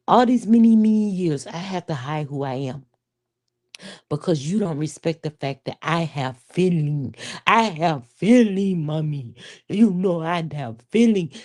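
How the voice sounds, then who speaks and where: A woman's voice: low-pitched, dark tone. A woman acting out a furious, confused teenage daughter. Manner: profane, accusing, ranting. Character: angry confused teenage daughter confronting her mother. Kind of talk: improvised comedic scene acting.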